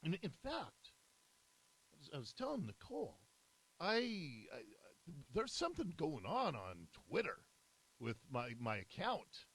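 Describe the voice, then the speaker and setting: A man's voice: on the high side, wildly swooping pitch, a little slow, pauses often, fairly bright tone, breathy edge, rough recording. A man hosting a talk radio show, delivering an emphatic, indignant monologue from a studio.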